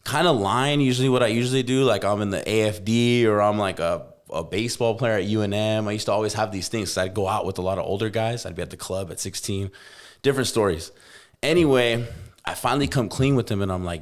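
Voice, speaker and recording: Podcast host, young man, lowish voice, animated casual storyteller who swears freely. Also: quick pace.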